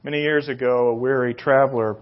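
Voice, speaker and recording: A middle-aged man preaching a sermon, telling rambling, self-deprecating personal stories that grow loud and excited in the retelling. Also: medium pitch, brisk, lo-fi sound. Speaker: pastor.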